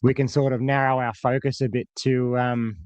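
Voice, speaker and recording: A man talking footy as a guest, measured and halting. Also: mid-range voice, little pitch movement, a little mellow, dry recording. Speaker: guest on a fan stream. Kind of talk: casual footy chat.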